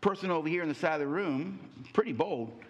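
A man giving a motivational talk on relationships, telling a story with rhetorical questions and deliberate pauses. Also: fairly high pitch, expressive, a little hiss or hum. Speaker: speaker on relationships.

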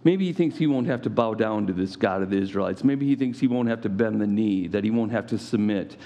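A man preaching a sermon, animated and playful, acting out scripture with mock voices. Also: fairly low pitch, brisk, muffled recording. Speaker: pastor.

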